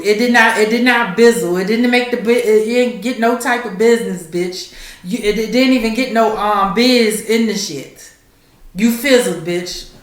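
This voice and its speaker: A woman hosting a casual gossip show, ranting and mocking in a loud, profane way. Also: medium pitch. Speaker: podcast host. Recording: echoey room.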